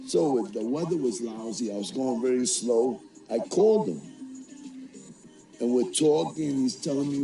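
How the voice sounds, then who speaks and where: A man's voice: mid-range voice, normal speed, gravelly, mellow. A middle-aged man telling a personal story for a documentary in a candid, profane and darkly humorous way. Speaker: interviewee. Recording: roomy, from a distance, faint music.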